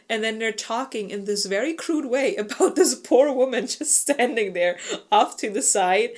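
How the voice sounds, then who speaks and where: A woman's voice: a little high, measured pace. A woman co-hosting a book club podcast, casually retelling the plot with laughter and disbelief.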